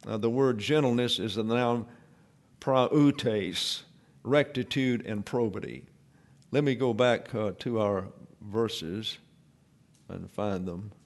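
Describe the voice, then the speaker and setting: A man giving an expository Bible lesson in a measured, explanatory way, with pauses and fillers. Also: on the low side, gravelly. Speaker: Bible teacher.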